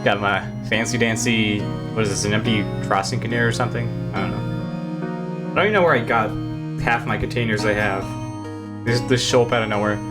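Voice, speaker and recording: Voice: mid-range voice, fairly quick, loud music behind the voice. A let's-play host chatting casually while playing, rambling and self-deprecating, on a home mic. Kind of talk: casual gameplay commentary.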